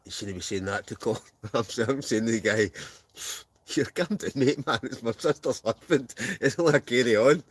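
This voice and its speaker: A man from Scotland reads out viewer messages on a laid-back live stream from inside a heated camping tent, joking and laughing as he goes. His voice is fairly low and slightly rough, and the recording is dry.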